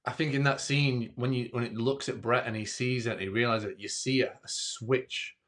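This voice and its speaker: A man's voice: medium pitch, fairly even intonation, moderate pace, fairly bright tone. A man guest on a podcast discussing a horror film earnestly, with stumbling restarts and acted-out lines.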